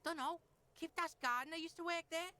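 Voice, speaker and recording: A woman's voice: very high voice, a little fast, sharp tone, no room sound, pitched above the performer's own voice. A woman voicing a crude, swaggering young boy who taunts and talks about himself in the third person. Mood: taunting.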